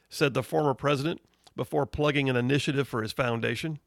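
Indignant gravelly male commentator. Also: medium pitch, fast talker, a bit bright, dry recording, studio quality. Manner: indignant, emphatic, incredulous; reads out news headlines. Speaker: political talk show host. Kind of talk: opinionated commentary.

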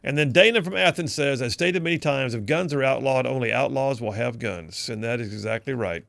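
A man's voice: medium pitch, a little fast, gravelly, fairly bright tone, dry recording, studio quality. A male radio talk show host who reads out listener texts and takes calls in a casual, chuckling, conversational way.

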